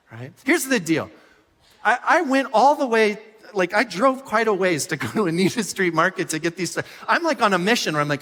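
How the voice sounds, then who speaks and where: A man preaching a sermon as pastor, telling stories with animated swings from loud bursts to soft asides. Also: sits high, fast talker, long reverb tail. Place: church hall.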